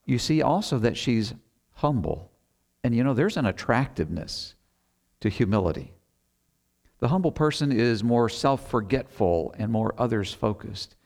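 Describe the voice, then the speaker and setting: A middle-aged man delivers a sermon in a fairly low voice. He reads scripture slowly and deliberately, then talks it through in an earnest, conversational way, with rhetorical asides to his listeners. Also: creaky, a little mellow. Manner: slow, deliberate scripture reading. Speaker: preacher.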